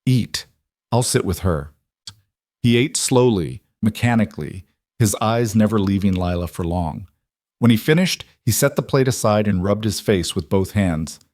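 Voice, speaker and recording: A man narrating a scripted western story in a calm, measured way. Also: lowish voice, no echo, clean studio sound.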